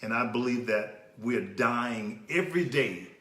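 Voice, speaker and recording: A man's voice: mid-range voice, measured pace, a bit bright, reverberant. A man who works as a fitness coach, speaking passionately and emphatically, often repeating words as he starts a sentence. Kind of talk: passionate talk.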